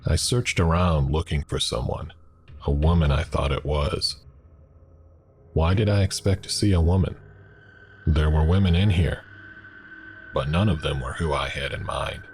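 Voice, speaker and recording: A man narrating a horror story in a measured, deliberate scripted reading. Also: rumbling low, slight background noise.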